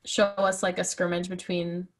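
A woman's voice: on the low side, flat delivery, moderate pace, a little hiss or hum. A woman co-hosting a sports podcast, talking casually with lots of fillers. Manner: chatty, many fillers and likes. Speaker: podcast co-host. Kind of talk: casual chat.

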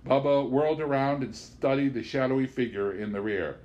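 A man reads a novel aloud in a measured, expressive audiobook style. His voice sits at a medium pitch for a man. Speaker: audiobook reader. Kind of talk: audiobook narration.

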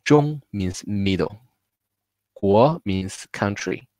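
A man's voice: lowish voice, expressive, drawn-out words, darkish tone, dry recording, rough recording. A man who speaks Mandarin as his first language, teaching it in an online lesson, patiently repeating each word twice and switching between Spanish and English. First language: Mandarin Chinese.

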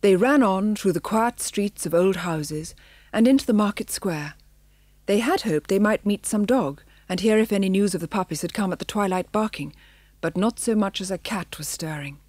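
A woman reading a children's novel aloud in a measured, expressive storybook narration, in a studio. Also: medium pitch, no echo. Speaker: audiobook narrator. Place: recording studio.

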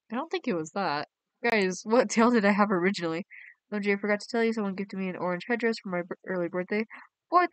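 A woman's voice: medium pitch, clear, resonant tone, no echo. A young woman, chatting casually on a game live stream and reading her chat aloud in a bubbly way. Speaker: game livestreamer.

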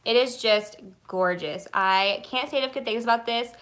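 Bright-voiced gushing young woman. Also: fairly high pitch, normal speed. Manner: gushing, chatty, many fillers; nervous, self-conscious. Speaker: beauty vlogger. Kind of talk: live beauty product chat.

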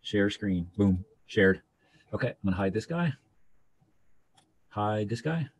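A man's voice: on the low side, animated, unhurried, husky. A man teacher narrating a screen-share tutorial, thinking aloud loosely as he works.

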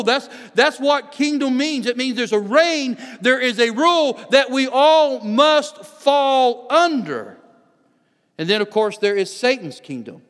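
High-voiced preaching man in a reverberant hall. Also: a bit bright. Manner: earnest preaching with frequent restarts, reads scripture aloud. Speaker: pastor. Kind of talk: sermon. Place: church sanctuary. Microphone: microphone on stage. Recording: long church hall reverb.

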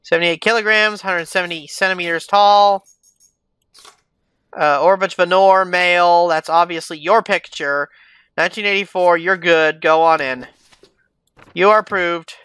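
A man's voice: sits high, fairly even intonation, unhurried, bright, forceful tone, smooth, no room sound. A man giving casual let's-play commentary, reading documents aloud and muttering asides to himself. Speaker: gaming YouTuber.

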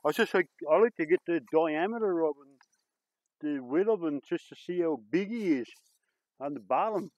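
A man vlogging outdoors in the woods, exclaiming excitedly and chatting to his viewers as he explores. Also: on the high side, normal speed, no echo, highs cut off. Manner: excitable, lots of exclamations and chuckles. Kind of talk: casual vlog commentary.

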